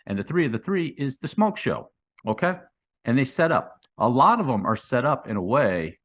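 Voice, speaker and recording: A middle-aged man hosting a crypto trading channel, explaining chart patterns in a loose, repetitive way and tagging lines with "okay?" and "right?". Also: fairly low pitch. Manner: restarts and repeats phrases while sketching on a chart. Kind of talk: casual explainer talk to viewers.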